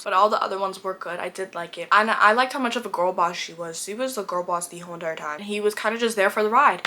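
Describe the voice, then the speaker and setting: A woman's voice: medium pitch, fast, hardly any pauses, bright, forceful tone. A young woman casually rambling about her reading in a chatty vlog, often cutting herself off mid-sentence. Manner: rambling, bubbly, self-interrupting. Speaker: book vlogger. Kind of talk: casual chat. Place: bedroom with bookshelves.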